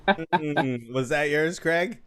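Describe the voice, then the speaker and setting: A man's voice: a little high, takes it slowly, faint music behind. A man hosting an improv comedy game over a video call, calling on players and cracking jokes. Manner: lively, calling on players and joking. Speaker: improv show host.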